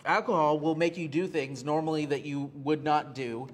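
A man preaching from the pulpit in a fairly high voice. He speaks earnestly and circles back to repeat his key phrases, with frequent "uh" fillers as he works through the scripture. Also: steady tone, normal speed. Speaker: pastor. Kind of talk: sermon.

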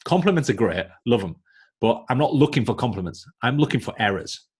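Northern english guy, husky voice, talks quick and blunt, lecturing with examples. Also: medium pitch, animated. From Northern England. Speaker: coaching business mentor, guest. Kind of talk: casual podcast conversation.

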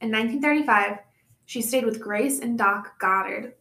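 A woman's voice: fairly high pitch, normal speed, sharp tone. A young woman co-hosting a podcast, telling a true-crime case in a casual way with chatty asides. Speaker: podcast co-host presenting the case. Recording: echoey room.

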